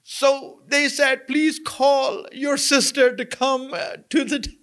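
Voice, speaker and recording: High-voiced, slow man preaching a sermon. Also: little pitch movement, a bit bright. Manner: narrates with quoted dialogue, repeats lines for emphasis. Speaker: preacher giving a majlis. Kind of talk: storytelling sermon.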